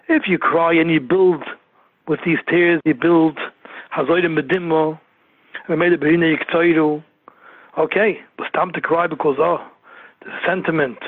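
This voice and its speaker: A man's voice: fairly high pitch, slightly rough, no room sound. A man giving a Torah sermon, repeating phrases and firing off rhetorical questions. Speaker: Torah teacher. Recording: narrow phone-like radio sound.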